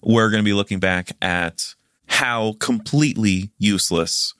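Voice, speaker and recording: A man co-hosting a casual book discussion podcast, talking haltingly with frequent pauses and restarts. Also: fairly low pitch, a bit bright, clear, resonant tone, no room sound, studio quality. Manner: halting, many fillers and restarts. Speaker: podcast co-host.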